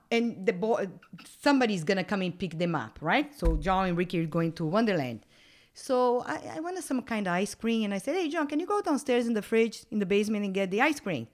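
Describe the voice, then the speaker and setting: A middle-aged woman, mother of the co-host, telling a family anecdote in simple, lively phrasing. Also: medium pitch. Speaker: guest, co-host's mother. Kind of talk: casual family chat.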